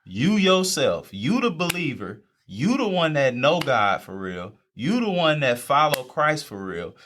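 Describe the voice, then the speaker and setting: Bright-voiced man preaching casually. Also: on the high side, sing-song, a little slow, slight background noise. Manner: casual preacherly, repeats phrases for emphasis. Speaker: podcast co-host. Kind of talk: faith talk among friends.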